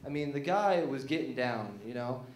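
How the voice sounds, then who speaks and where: A man's voice: mid-range voice, lively intonation, moderate pace, reverberant, slight background noise. A young man doing a rambling, self-deprecating stand-up set on a small theater stage, full of fillers and restarts. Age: young adult. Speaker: stand-up comedian. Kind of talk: stand-up routine.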